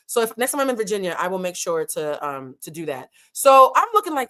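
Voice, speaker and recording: A woman's voice: mid-range voice, big pitch swings, a little fast, pushed and bright. A woman hosting a reality TV recap, chatting frankly in casual, slangy commentary. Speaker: host of a reality TV recap show.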